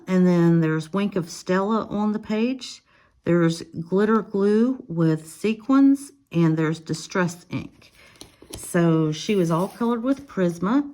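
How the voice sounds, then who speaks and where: A woman's voice: lowish voice, a little mellow. A woman, casually showing and describing her finished coloring pages to viewers, listing her supplies as she goes. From Alabama. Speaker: coloring vlogger. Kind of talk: casual show-and-tell narration.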